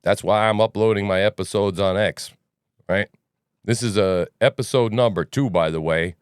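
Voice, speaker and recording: A man's voice: lowish voice, normal speed, smooth, no room sound, studio quality. A man hosting a news commentary podcast, talking casually in a rambling, sarcastic way. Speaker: podcast host.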